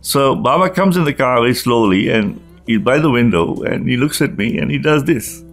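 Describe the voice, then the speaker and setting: A man's voice: mid-range voice, animated, normal speed, faint music behind. An older man with an Indian English accent, telling a personal story in an interview and animatedly acting out the remembered dialogue. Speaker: guest.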